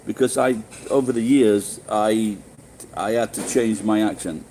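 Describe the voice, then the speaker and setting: This middle-aged man from Sheffield, England, talks loosely to viewers on a live stream, swearing, wandering off topic and restarting a lot. His warm, lowish voice is fairly even and a little slow, and the low-quality recording carries a little hiss or hum.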